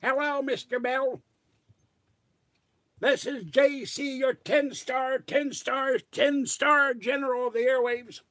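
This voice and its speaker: A man's voice: very high voice, fairly even intonation, voice pushed up, exaggerated voice. A man voicing a pompous self-styled ten-star general, calling in to a radio show as a prank caller and speaking with indignant, grandiose outrage. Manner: indignant, grandiose, drawn-out shouting.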